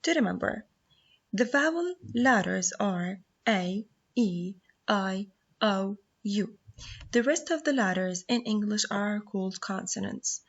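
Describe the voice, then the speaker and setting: A woman whose first language is Arabic, teaching a phonics lesson, explaining slowly and sounding out words syllable by syllable. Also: medium pitch, lively intonation, breathy edge, dull audio.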